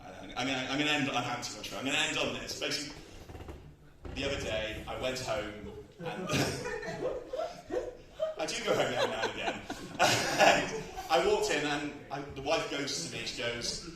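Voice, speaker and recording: A man's voice: mid-range voice, huge pitch swings, moderate pace. A man doing a bawdy, self-mocking stand-up set, laughing at his own jokes on a comedy club stage. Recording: echoey club with crowd, from far off. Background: audience laughing.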